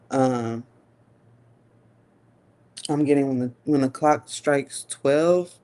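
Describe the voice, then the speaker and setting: A woman giving a live tarot reading, musing slowly with long hums and pauses, and talking in a casual, profane way. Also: rumbling low, warm tone. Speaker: tarot reader.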